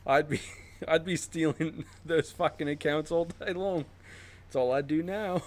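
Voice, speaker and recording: Laid-back male podcast co-host, slightly high voice, jokey, laughs a lot. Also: a little slow. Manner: laughs often, loose and joking. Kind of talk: casual chat. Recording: remote call recording.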